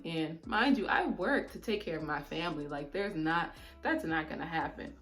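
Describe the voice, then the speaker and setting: A woman in her twenties chatting casually while doing her makeup, talkative and animated, often saying "mind you". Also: on the low side, brisk, soft background music. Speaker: beauty vlogger.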